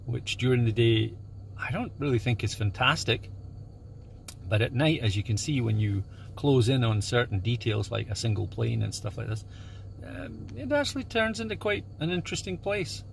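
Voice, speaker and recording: A man, a photographer, chatting casually outdoors at a small airport at dawn, with a relaxed manner and many fillers. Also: mid-range voice, moderate pace, vocal fry, slight background noise. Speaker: landscape photographer. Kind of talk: casual instructional vlog.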